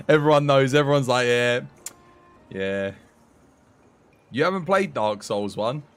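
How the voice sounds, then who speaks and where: A man's voice: a little high, animated, slow, long pauses, fairly bright tone, faint music behind. A young man streaming a game, chatting casually with viewers, joking and swearing now and then. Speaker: gaming streamer. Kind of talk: casual livestream chat while playing.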